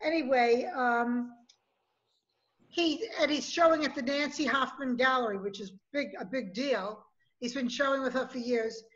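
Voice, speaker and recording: A woman's voice: sits high, normal speed, lo-fi sound. A woman co-hosting a podcast in casual chat, talking in a scattered, forgetful way. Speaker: podcast co-host.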